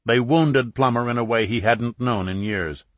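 A man narrating a novel in an even, measured way. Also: medium pitch, no echo. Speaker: audiobook narrator. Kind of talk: scripted narration.

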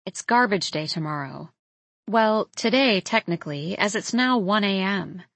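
A young woman narrates a first-person novel in a measured, intimate voice. Her pitch sits in the middle range. The recording is close-miked and dry, with no room around her. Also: a bit bright, dry recording. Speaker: audiobook narrator.

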